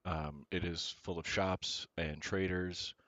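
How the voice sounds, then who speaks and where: Deep-voiced man running a tabletop game. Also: steady tone, takes it slowly, fairly bright tone, no echo. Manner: hesitant, many "uh"s and restarts. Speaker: game master. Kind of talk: narrating a tabletop game over voice chat. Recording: dull, slightly lo-fi voice chat audio.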